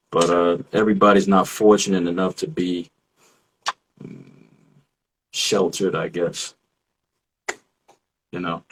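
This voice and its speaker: A man on a casual discussion show who talks in a reflective, measured way and searches for his words. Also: low-pitched, slight background noise, low-quality recording.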